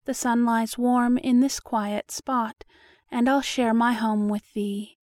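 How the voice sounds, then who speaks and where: A woman voicing a kind, gentle female clover blossom who softly welcomes a friendless worm in a storybook poem. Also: a little high, steady tone, takes it slowly, no room sound, clean studio sound. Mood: tender. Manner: soft, tender, welcoming.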